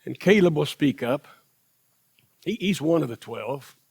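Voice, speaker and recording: A man preaches a sermon in a church sanctuary, unhurried and deliberate. His voice sits a little high for a man. He leans on repetition and rhetorical questions, and he acts out the quotes he tells. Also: lively intonation, gravelly, breathy edge. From United States.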